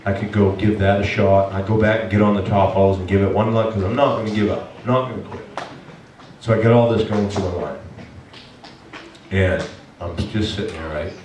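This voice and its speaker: A man preaches a story with animated feeling, stumbling and restarting as he speaks. His voice sits a little low and carries from a distance, with a roomy church echo and faint hiss behind it. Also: brisk. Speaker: pastor. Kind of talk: storytelling sermon. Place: church sanctuary. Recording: echoey church room from afar.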